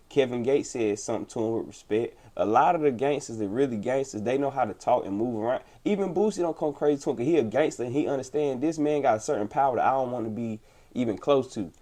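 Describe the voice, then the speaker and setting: A man's voice: mid-range voice, fast, mellow. A man hosting a casual interview, talking in an easygoing way and often chiming in with short agreements. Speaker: interview host.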